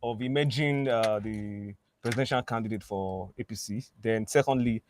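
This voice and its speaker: A man's voice: lowish voice, moderate pace, a little hiss or hum. A man hosting a talk show, steering the conversation with short prompts and questions. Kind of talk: interviewing.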